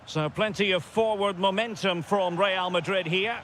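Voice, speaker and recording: Male play-by-play caller for a football game: high, bright voice, clipped calls that rise when chances come. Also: moderate pace, slight background noise. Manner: terse calls that swell into excited shouts on goals. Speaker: play-by-play commentator. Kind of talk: football video game commentary.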